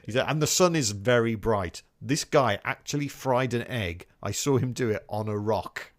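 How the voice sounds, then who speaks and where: A music podcast co-host with a medium-pitched voice talks at a normal speed in casual conversation. He comes across as earnest and reflective, reading out quotes and chuckling now and then.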